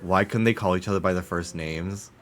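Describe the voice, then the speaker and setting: A man's voice: deep voice, a little fast, a crowd in the background. A man streaming a game, chatting casually and playfully while he decorates, with light swearing. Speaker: streamer playing a life-sim game.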